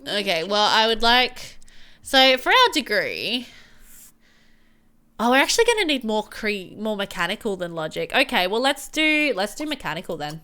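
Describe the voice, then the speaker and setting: A woman's voice: mid-range voice, sing-song, normal speed, pushed and bright, smooth. A young woman casually commenting on her gameplay, chatty and often giggling. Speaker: gameplay video host.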